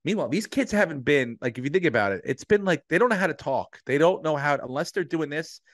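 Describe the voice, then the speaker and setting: A man's voice: a little high, fast talker, no echo. Man telling a story, dry close sound. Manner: animated, swears freely, acts out voices in anecdotes. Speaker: podcast co-host. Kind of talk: casual storytelling chat.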